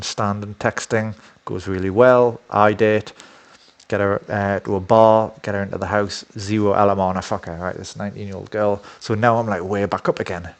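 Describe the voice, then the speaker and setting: A man talking in a casual, rambling monologue, blunt and profane with many fillers. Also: lowish voice. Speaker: dating coach.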